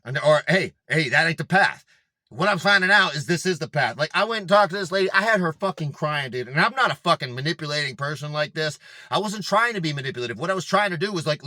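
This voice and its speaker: A young man talks straight to the camera in a loose, rambling monologue, swearing constantly and piling up filler words. His voice is fairly high for a man and bright, with a dry, close sound. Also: dry recording. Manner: profane, rambling, emphatic, heavy filler words. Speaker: fitness vlogger.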